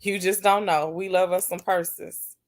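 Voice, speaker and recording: A woman hosting a casual livestream, chatting warmly and answering viewers' comments one by one. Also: on the low side, steady tone, measured pace. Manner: affectionate, calls viewers baby and sis. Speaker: livestream host.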